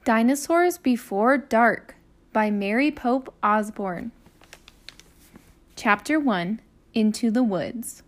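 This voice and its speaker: A woman teacher hosting her own podcast, reading a children's chapter book aloud in a clear, expressive way. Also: on the high side, slow pace, pauses often.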